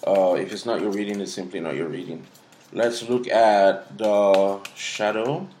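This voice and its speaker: A man's voice: fairly low pitch, steady tone, measured pace, a little mellow, slight background noise. Blunt, profane man giving a tarot reading. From Africa. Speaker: tarot reader. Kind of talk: casual tarot reading to camera. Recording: echoey room.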